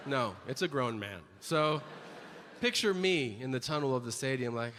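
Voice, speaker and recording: A man's voice: mid-range voice, brisk, slight background noise. A man doing stand-up comedy, telling stories and acting out the voices of people in them. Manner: animated, acts out voices in his stories. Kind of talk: stand-up storytelling. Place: comedy stage. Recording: live stage with long hall reverb, faint ambience.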